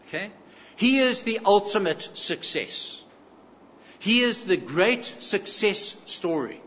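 A man's voice: high-pitched, expressive, takes it slowly, fairly bright tone, a little hiss or hum. A man preaching a sermon, emphatic, repeating key phrases and asking the congregation rhetorical questions. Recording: echoey hall, slightly dull sound.

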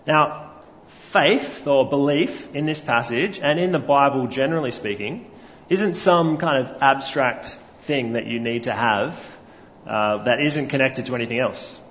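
A man's voice: mid-range voice, unhurried, fairly bright tone, slight background noise. Man preaching in a reverberant hall. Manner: storytelling, asks the congregation questions. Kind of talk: sermon. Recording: lo-fi recording with long hall reverb.

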